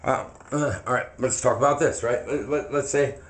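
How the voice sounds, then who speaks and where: A man's voice: medium pitch, moderate pace. Rambling, earnest man in his forties. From United States. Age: 40s. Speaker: vlogger. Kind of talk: casual walking monologue to camera. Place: outdoors on foot. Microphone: handheld camera mic.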